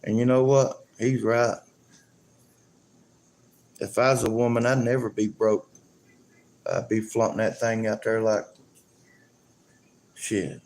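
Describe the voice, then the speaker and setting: A man's voice: lowish voice, flat delivery, slow pace, long pauses, darkish tone. A man chatting casually and joking on a live stream, rambling and chuckling often.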